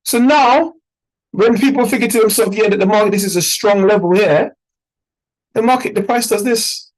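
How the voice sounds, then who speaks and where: Guy explaining trading, lively, goes boom boom boom to make a point. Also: rough recording. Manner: animated, explains with everyday analogies and repeated sound effects. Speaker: trading educator. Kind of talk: informal teaching talk.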